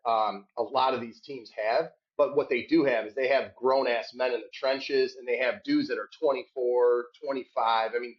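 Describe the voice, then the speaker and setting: Animated storytelling man, lo-fi sound. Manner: animated, shouts quoted hecklers in a high voice. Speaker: podcast guest. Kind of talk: casual storytelling. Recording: dull lo-fi sound.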